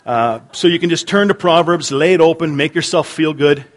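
Speaking at normal speed in a voice on the high side, a pastor leads an interactive sermon. He talks back and forth with the congregation, repeating what they say and restarting sentences often.

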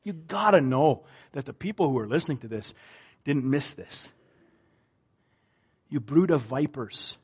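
A man, a pastor, preaching a sermon, moving between loud emphasis and quiet, drawn-out lines. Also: fairly high pitch.

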